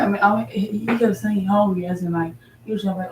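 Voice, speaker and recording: A woman chatting casually and telling an animated story, quoting what others said. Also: mid-range voice, fast. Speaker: family member in conversation. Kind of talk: casual chat, venting. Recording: distant, echoey room with faint ambient noise.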